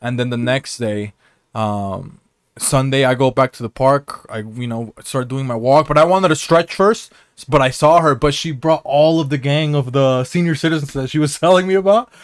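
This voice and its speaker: A man's voice: medium pitch, moderate pace, clear, resonant tone, dry recording, studio quality. A young man co-hosting a podcast, telling rambling, profane stories in casual chat and often laughing at them. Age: young adult. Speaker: podcast co-host.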